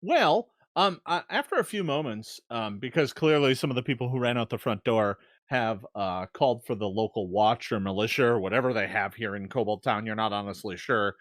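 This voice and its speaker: A man's voice: lowish voice, a little fast, few pauses, a bit bright, no room sound, studio quality. A man running a tabletop game as game master, narrating with frequent fillers and laughs. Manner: chuckling, filler-heavy.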